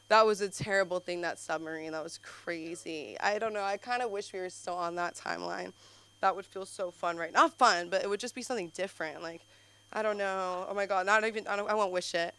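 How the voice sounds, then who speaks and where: Bright rambling young woman doing stand-up. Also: mid-range voice, brisk, slight background noise. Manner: rambling, scattered, full of likes, swings into loud shrieks. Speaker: stand-up comedian. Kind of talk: open-mic stand-up set. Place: comedy club stage.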